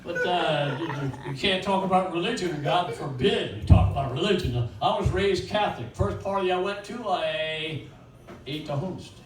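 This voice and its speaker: A man's voice: high voice, normal speed, crowd noise. An older man doing rambling, crude stand-up comedy at an open mic in a small bakery, jumping between one-liners. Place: small bakery venue with few people. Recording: roomy echo from a distant mic, faint ambience.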